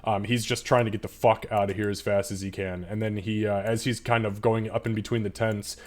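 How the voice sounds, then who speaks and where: A man's voice: fairly low pitch, little pitch movement, brisk. A man narrating a tabletop game as game master in a loose, profane, filler-heavy way.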